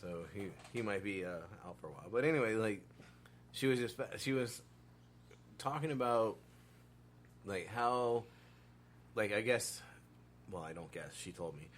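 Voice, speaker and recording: A man's voice: lowish voice, expressive, moderate pace, pauses often, fairly bright tone, a little hiss or hum. A man hosting a casual podcast, telling stories in a loose, profane way and quoting other people. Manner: loose, profane storyteller who quotes others. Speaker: podcast host.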